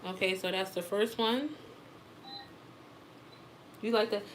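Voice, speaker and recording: Woman instructor, casual chatty demo voice, middle pitch, slight background noise. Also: steady tone, takes it slowly. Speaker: wig-making instructor. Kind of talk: live class demonstration.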